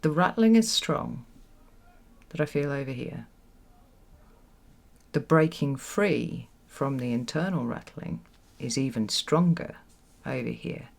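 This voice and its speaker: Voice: mid-range voice, animated, takes it slowly, vocal fry. A tarot reader giving a solo reading to camera in a reflective way, often repeating words for emphasis and checking in with "right?". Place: home with children nearby.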